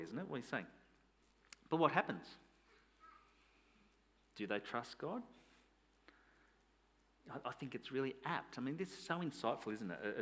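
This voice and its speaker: A man's voice: on the low side, fairly bright tone. A man, a pastor preaching a sermon in a conversational way, asking rhetorical questions.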